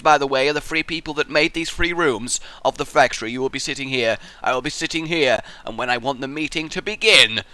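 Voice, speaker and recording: A young man giving chatty, excitable gameplay commentary as a let's play host, muttering asides to himself. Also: medium pitch, a little fast, clean tone, no echo.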